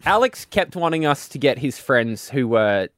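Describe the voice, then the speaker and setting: A man co-hosts a radio show and spins stories with a dry, playful deadpan. His pitch sits in a mid range. The studio sound is close and dry, with no room echo. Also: normal speed. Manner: playful, tells anecdotes with a deadpan tone. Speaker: radio co-host. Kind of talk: casual radio banter. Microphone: studio microphone.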